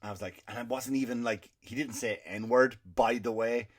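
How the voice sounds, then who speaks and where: A man's voice: mid-range voice, fairly even intonation, moderate pace. A male comedian hosting his podcast, telling a rambling, profane story with indignant asides.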